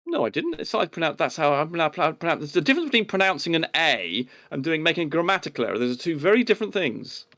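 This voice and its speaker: An English man with a slightly high-pitched voice argues about pronunciation and grammar in a casual online debate. He sounds pedantic and indignant. He rambles, restarts his sentences and circles back to his point. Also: very animated, quick pace, few pauses, a bit bright.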